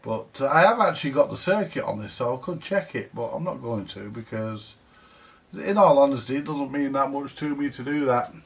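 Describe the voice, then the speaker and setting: Far from the mic, this man has a gravelly, mid-range voice and speaks at a moderate, animated pace. He's a vintage audio repair vlogger chatting loosely to camera in the workshop, meandering through a repair job with plenty of fillers and a swear here and there.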